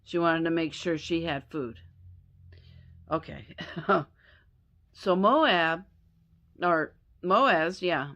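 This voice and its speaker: A woman's voice: lowish voice, drawn-out words, long pauses, a bit bright. A woman retelling a Bible story as a lesson, chatty and self-correcting, with asides to her listeners.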